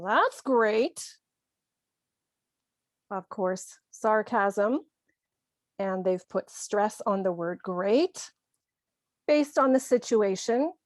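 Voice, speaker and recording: A woman teaching an English lesson, explaining slowly and clearly and acting out short example lines. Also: medium pitch, no echo, studio quality. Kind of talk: scripted ESL lesson.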